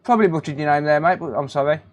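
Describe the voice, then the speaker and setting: This repair technician hosts a casual live stream, his voice on the high side and his delivery rapid-fire, with the highs cut off in the audio. He's relaxed, greeting chat viewers by name and calling them mate.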